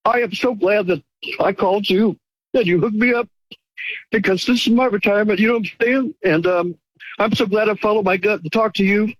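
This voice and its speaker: A man's voice: high-pitched, brisk, dry recording, poor audio. A male caller on a radio phone-in who talks in a gushing, grateful, emotional way. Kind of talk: phone-in call.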